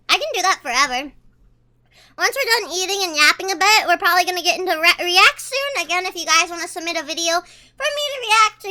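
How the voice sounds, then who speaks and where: A female livestreamer chats casually with her viewers, reading their messages aloud and talking while eating. Her voice is very high, pushed, and bright.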